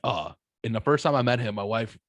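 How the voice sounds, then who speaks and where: A man from the United States, a podcast guest, telling casual stories in a blunt, heavily swearing, animated way. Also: mid-range voice, brisk, dry recording. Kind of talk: casual storytelling chat.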